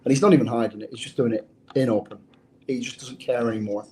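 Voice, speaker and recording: A man tells his undercover past in a casual interview, speaking bluntly and swearing freely. His voice is dark and mellow, and he keeps doubling back on his words as he goes. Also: medium pitch, fairly even intonation, fast talker, slight background noise. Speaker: former undercover officer, guest.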